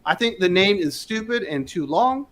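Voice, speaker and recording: A man's voice: high voice, animated, moderate pace, a bit bright. A man hosting a live panel stream, chatting casually and greeting viewers in the chat. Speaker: show host.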